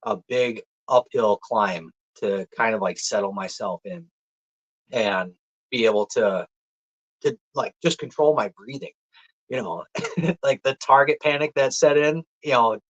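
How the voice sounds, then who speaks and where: Man, Minnesota accent, casual podcast guest, animated and laughing, middle pitch, muffled lo-fi audio. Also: unhurried. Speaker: podcast guest, deer hunter. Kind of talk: casual storytelling chat. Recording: dull lo-fi audio.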